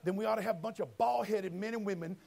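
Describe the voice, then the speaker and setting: A man preaching a sermon, folksy and direct, moving between quiet storytelling and loud shouted passages. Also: sits high, fast talker, vocal fry. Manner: folksy, addresses listeners as friend and brother.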